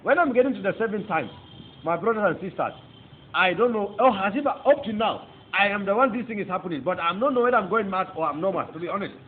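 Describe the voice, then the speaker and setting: A preacher with a Nigerian accent gives a testimony sermon in a high-pitched, animated voice, talking fast. He's fervent and emphatic, climbing into exclamations. The audio sounds tinny, like a phone, with faint noise.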